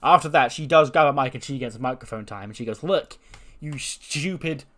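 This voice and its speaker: A man with a mid-range, somewhat bright voice speaks quickly while recapping a wrestling sim run, let's-play style. The game commentator is chatty and loose, laughing and swearing and often cutting himself off to start a sentence again.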